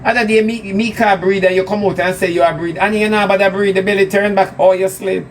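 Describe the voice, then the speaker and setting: High-voiced Jamaican man ranting mockingly. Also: steady tone, quick pace. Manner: mocking, scolding, sarcastic. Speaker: live streamer. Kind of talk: ranting live-stream monologue. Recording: distant mic with loud background noise.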